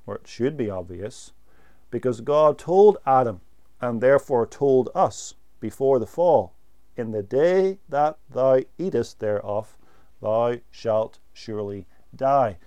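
A man preaching a sermon, slow and deliberate, pausing to stress single words. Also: mid-range voice, animated, mellow.

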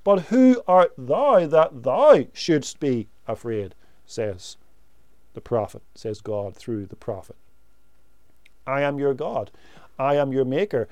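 A man preaching a sermon, slow and emphatic, pressing key words and letting phrases fall away softly. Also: mid-range voice, animated, no echo.

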